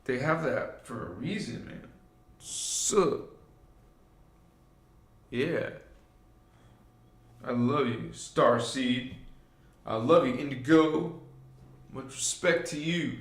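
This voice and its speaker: A man hosting a live spiritual livestream speaks very slowly at a medium pitch, pausing often in an echoey room. He rambles with many fillers and asides, preaching directly to the people watching.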